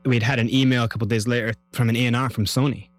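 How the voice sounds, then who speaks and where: A Scottish man, a guest in an interview, telling his story in a lively, vivid way. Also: medium pitch, rapid-fire. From Scotland.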